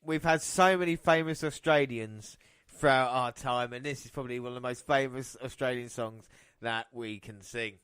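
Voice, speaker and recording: A man's voice: mid-range voice, moderate pace, fairly bright tone, clear, resonant tone, dry recording, clean studio sound. A man hosting a podcast, chatting casually and calling match action play by play. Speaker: podcast host. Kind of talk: casual wrestling podcast commentary.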